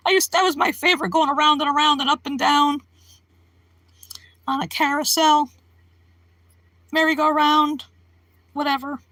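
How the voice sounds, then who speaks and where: Giggly high-voiced woman streamer. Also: steady tone, a little slow, long pauses, sharp tone, no echo. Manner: rambling, giggly, laughs often between remarks. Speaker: live streamer. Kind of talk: casual live-stream chat with viewers.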